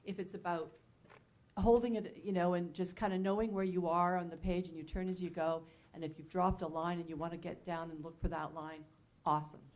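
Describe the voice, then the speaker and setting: Firm low-voiced woman casting director. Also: little pitch movement, darkish tone. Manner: firm, measured advice. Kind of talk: panel talk to actors.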